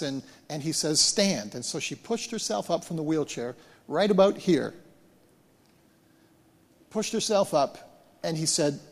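A man preaching as a pastor, retelling events in an animated way and often repeating words as he restarts. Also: on the high side. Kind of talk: sermon storytelling. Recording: long hall reverb.

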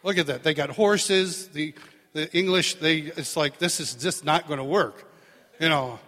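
A man's voice: fairly high pitch, a little slow. A middle-aged man preaching a sermon to a live congregation, telling stories with animation and acting out the voices of the people in them. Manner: animated storytelling, acts out voices in dialogue. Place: large church hall with live congregation. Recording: long hall reverb.

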